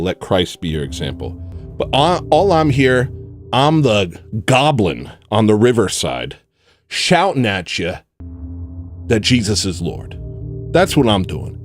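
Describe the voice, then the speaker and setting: A man ranting in a rambling, jokey monologue on a livestream, swinging from shouting to muttering. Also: on the low side, sing-song, a little slow, soft background music. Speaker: livestream host.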